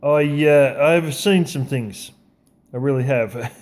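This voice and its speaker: Australian male vlogger, mid-pitched, slow, blunt and sweary, casual motivational rant. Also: a little mellow. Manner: blunt, profane, conversational.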